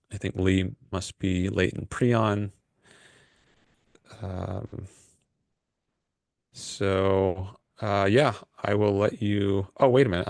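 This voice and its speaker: A man's voice: deep voice, vocal fry, a little mellow, no echo, clean studio sound. A man hosting a call-in livestream, rambling and hesitant with lots of fillers. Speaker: livestream host taking calls. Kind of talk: casual livestream chat.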